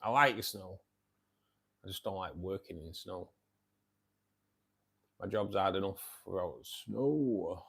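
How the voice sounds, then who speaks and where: Mancunian male streamer, lowish voice, friendly chatty delivery, reads out viewer comments. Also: takes it slowly, gravelly, long pauses, a bit bright, slightly rough. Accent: Northern English, Manchester. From England. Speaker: live stream host. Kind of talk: casual live chat reading viewer comments.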